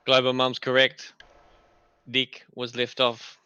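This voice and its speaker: A man's voice: medium pitch, completely flat delivery, slow pace, pushed and bright, smooth, muffled recording. A man with a New Zealand accent bantering casually and jokingly on a live stream.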